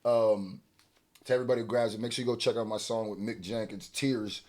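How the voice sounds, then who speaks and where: A man hosting a casual album reaction, swinging between excited hype and quieter mumbled asides. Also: on the low side, brisk. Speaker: music reaction host.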